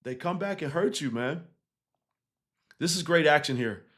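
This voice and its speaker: A man, a basketball coach, casually breaking down game film, animated and laughing easily, tagging points with 'right?'. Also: on the high side, moderate pace. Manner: animated, keeps checking in with 'right?' and 'again'; laughs easily while explaining.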